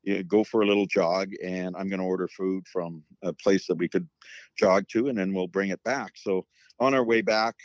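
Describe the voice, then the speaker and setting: A man's voice: low voice, fairly even intonation, moderate pace, dry recording, lo-fi sound. A middle-aged man and former hockey coach, chatting casually and telling long stories with lots of fillers. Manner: rambling storyteller with many fillers. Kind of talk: casual chat.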